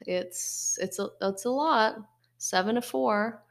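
A woman's voice: medium pitch, slow pace, vocal fry. A young woman co-hosting a podcast, chatting casually with a wry, drawling manner. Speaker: podcast co-host. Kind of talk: casual chat.

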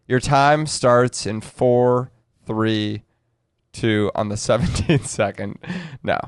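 A man's voice: medium pitch, slow pace, clean tone, no room sound, studio quality. A man co-hosting a comedy podcast, rambling and laughing at his own slips. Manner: self-deprecating, rambling, laughing at himself. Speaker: podcast co-host. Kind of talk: joking banter.

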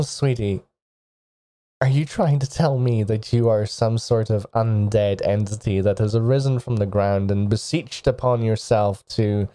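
A man's voice: on the low side, mellow, lightly acted. A man voicing condescending Dashilla. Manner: patronizing, drawn-out. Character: condescending, amused woman named Dashilla.

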